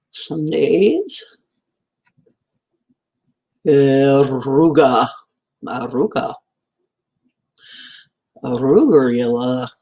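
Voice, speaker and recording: A woman's voice: low-pitched, creaky, dark tone, breathy edge. A woman hosting a casual live stream from home, greeting viewers by name and rambling in a giggly, stream-of-consciousness way. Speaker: livestream host.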